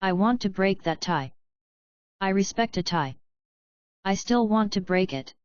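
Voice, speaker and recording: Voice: mid-range voice, expressive, unhurried, smooth, no room sound, lo-fi sound, close to an everyday voice. A woman voicing a cocky, competitive female pegasus racer who talks in boastful declarations.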